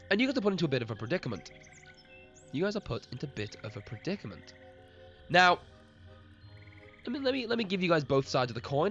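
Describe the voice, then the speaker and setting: A man runs a tabletop game on a live stream and rambles through the scene, laughing as he talks to chat. His voice sits a little high. The audio is dull and lo-fi, with faint music underneath. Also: fairly bright tone.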